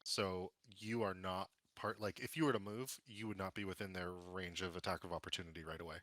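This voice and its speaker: A man's voice: low voice, steady tone, brisk, a bit bright, no echo. A man running a tabletop game as dungeon master over an online call, describing scenes in a loose, chatty way with lots of fillers.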